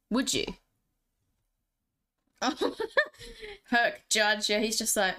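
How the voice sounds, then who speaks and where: A young woman chatting away on a live stream, jokey and quick to giggle. Her voice sits a little high and rings bright and clear. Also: sing-song. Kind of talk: casual live-stream chat.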